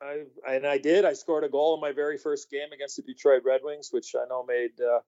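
A man's voice: mid-range voice, little pitch movement, a little fast, mellow, dull audio. A man telling a story as a guest in an interview, rambling with many fillers and restarts. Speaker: guest, former hockey player.

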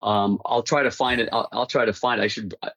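A man's voice: lowish voice, fairly even intonation, a little fast, a bit bright, dry recording. A man, a hockey broadcaster, recounting stories casually in an interview, with frequent restarts and laughter. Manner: rambling, many restarts, laughs at own stories.

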